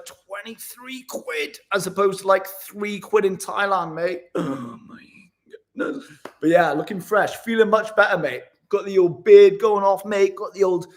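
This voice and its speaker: A young man with a high, light voice, chatting loosely to his live viewers. He laughs often and drops "mate" into nearly every sentence. He is talking in a hotel room. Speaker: live-streaming vlogger. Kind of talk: casual live-stream chat.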